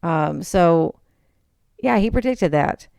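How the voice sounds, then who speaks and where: A woman's voice: fairly low pitch, takes it slowly, creaky, smooth, no echo, clean studio sound. A young woman hosting a podcast, telling a personal story and animatedly acting out the voices of the people in it. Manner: animated, acts out quoted voices. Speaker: podcast host. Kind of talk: storytelling monologue.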